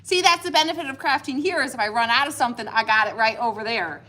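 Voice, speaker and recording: Her voice is on the high side, bright and forceful, and she talks fast. She's a woman on a craft livestream in her home craft room, painting while chatting casually, giggly, talkative, and saying "y'all" a lot.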